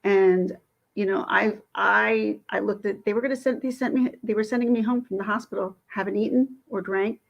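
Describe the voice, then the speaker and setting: A woman's voice: mid-range voice, vocal fry, muffled recording. Indignant woman telling a story. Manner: indignant, animated, quick talk. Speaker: vlogger. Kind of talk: casual storytelling rant.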